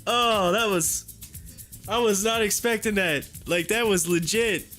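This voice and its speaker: A man's voice: sits high, unhurried, pushed and bright, faint music behind. A man hosting a live stock-trading stream in casual chat, reading viewers' messages aloud and laughing so hard his eyes water. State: laughing to tears.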